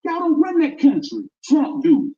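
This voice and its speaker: A man ranting loudly and arguing on a livestream, talking over the others in heated debate. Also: extremely high pitch, huge pitch swings, a little slow. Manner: loud, ranting, argumentative. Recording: dull lo-fi stream audio.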